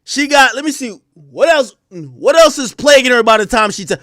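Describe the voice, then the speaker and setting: A man holds a profane live-stream rant for his chat, his voice sitting very high and leaping up and down in pitch. He talks crudely and breaks into shouting at times. The sound is close and dry, with no room around it. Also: normal speed, no echo. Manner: animated, crude, bursts into shouting.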